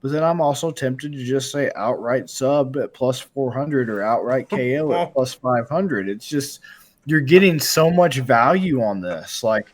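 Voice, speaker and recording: A man's voice: mid-range voice, expressive, measured pace. A young man co-hosting a fight betting podcast, rambling, jokey and profane. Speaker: podcast co-host. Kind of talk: casual betting chat.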